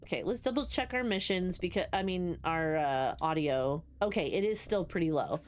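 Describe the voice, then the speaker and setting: On a game stream, a woman with a low-side voice and a New Jersey accent talks at a moderate, animated pace. She chats casually and talkatively with her viewers, swearing and restarting often.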